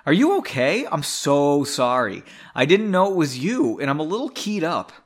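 A jumpy, apologetic young woman in a storybook, her voice lifting high and bouncing with worry, as a male reader puts her on. She pleads and fusses, keyed up and anxious. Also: big pitch swings, normal speed, husky. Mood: nervous.

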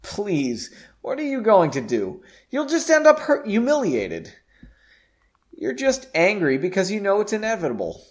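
A cocky male mage sneers and mocks his rival with a swinging, lively voice, as a man reading a storybook puts him on. The pitch sits a little high. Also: unhurried, full character voice. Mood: taunting. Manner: sneering, mocking.

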